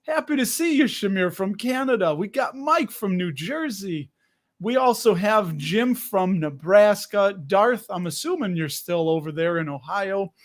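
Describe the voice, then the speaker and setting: A chatty man hosting a casual livestream and greeting viewers by name, a little out of breath. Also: sits high. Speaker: livestream host.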